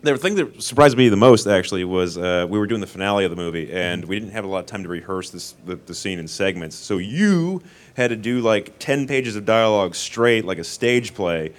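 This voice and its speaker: Low-voiced man rambling on a panel. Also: lively intonation, fairly quick. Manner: rambling, filler-heavy. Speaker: actor on a film panel. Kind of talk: casual panel answers.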